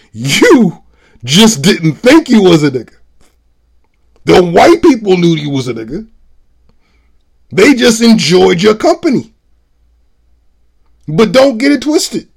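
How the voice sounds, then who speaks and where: Male show host, slightly higher-pitched voice, blunt and profane, hammering his points in a solo commentary. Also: a little mellow. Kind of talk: political commentary monologue.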